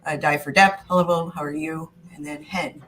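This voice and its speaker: A co-host on a casual livestream, relaxed, greeting viewers and reading their comments. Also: medium pitch, moderate pace, slight background noise. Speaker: podcast co-host reading chat.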